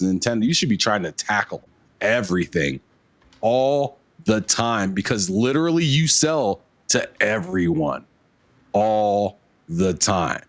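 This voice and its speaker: A man's voice: on the low side, a bit bright, no room sound. A man co-hosting a casual gaming podcast, rambling and teasing his friends. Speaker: podcast co-host.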